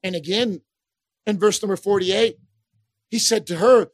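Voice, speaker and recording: A man preaching a sermon, swinging between hushed, tender passages and loud shouted appeals. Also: high-pitched, a little slow, no echo.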